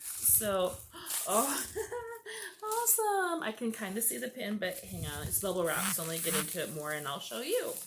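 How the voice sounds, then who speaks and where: A woman's voice: lowish voice, expressive, brisk, noisy background. A woman vlogger chatting casually as she unboxes birthday gifts, gushing, gasping and laughing often.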